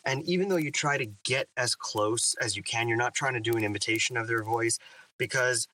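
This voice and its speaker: A man's voice: medium pitch, brisk, sharp tone, far from the mic, rough recording. A man who narrates audiobooks, talking thoughtfully and with animation in an interview. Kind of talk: reflective interview talk.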